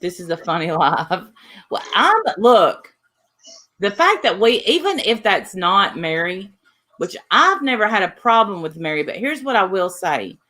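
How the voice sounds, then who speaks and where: A woman's voice: mid-range voice, big pitch swings, a little slow, sharp tone. A woman hosting a casual livestream, rambling and trailing off mid-sentence as she chats with her co-host.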